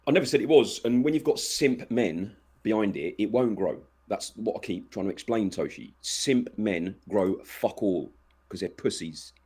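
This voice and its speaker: Brash guy, husky rasp, swears a lot, podcast co-host. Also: fairly low pitch, lively intonation, normal speed, a little mellow. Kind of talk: casual chat.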